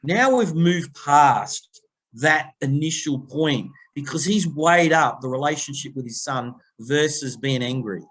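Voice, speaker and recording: A man's voice: on the high side, a little slow. A middle-aged Australian man talking as a podcast guest, telling stories with energy and acting out the other voices in them. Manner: animated storytelling, acting out phone quotes. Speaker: guest, people-pleasing coach. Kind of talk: conversational podcast interview.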